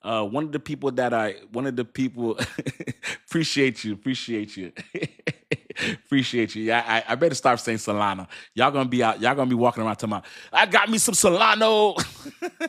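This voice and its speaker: A man's voice: medium pitch, a little fast, a bit bright. A middle-aged man talks loosely on his own crypto livestream, laughing often and restarting his sentences as ideas come to him. He chats straight to his viewers and reads their messages out as he goes. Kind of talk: casual livestream chat.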